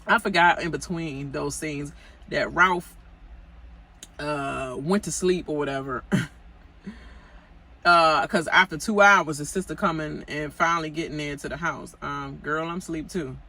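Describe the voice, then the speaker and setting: A woman's voice: deep voice, unhurried, a bit bright, rough recording. Gossipy woman ranting through a TV recap. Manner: gossipy and chatty, many fillers, talks straight to cast members. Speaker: TV recap vlogger. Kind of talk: casual reality-TV recap rant.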